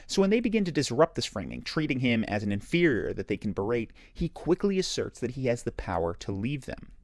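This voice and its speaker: A man's voice: mid-range voice, no echo, clean studio sound. A man narrating a self-improvement video in a scripted, analytical, explanatory way. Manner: explanatory, analytical, lively inflection.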